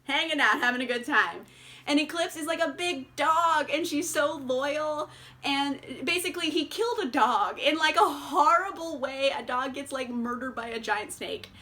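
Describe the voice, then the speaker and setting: A woman's voice: high-pitched, normal speed, pushed and bright. A young woman chatting casually in a book vlog, swearing freely and laughing often. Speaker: booktuber.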